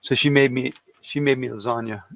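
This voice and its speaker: A man's voice: mid-range voice, fairly even intonation, a little fast, gravelly, no echo. A middle-aged man co-hosting a casual comedy chat, joking and swearing freely on a video call. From Cleveland area. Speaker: comedian co-host. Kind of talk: casual banter.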